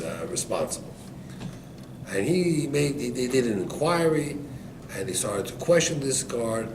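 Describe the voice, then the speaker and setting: A man, a rabbi, giving an animated storytelling Torah class to listeners. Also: medium pitch. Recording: echoey room, distant mic, background noise.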